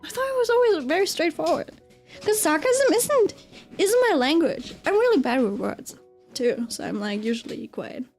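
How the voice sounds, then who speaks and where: A woman's voice: very high-pitched, very animated, moderate pace, a little mellow, soft background music. A young woman chatting casually and rambling while she draws, laughing often and using lots of fillers. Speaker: artist streaming while drawing. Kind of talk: casual chat while drawing.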